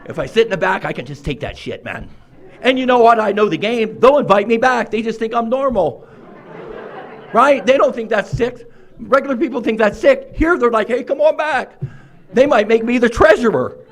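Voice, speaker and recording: A man with a fairly high voice stands up at a recovery meeting and tells his own story. He is wry and self-mocking, laughing often as he talks in a meeting room. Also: expressive, moderate pace. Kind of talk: humorous personal recovery story.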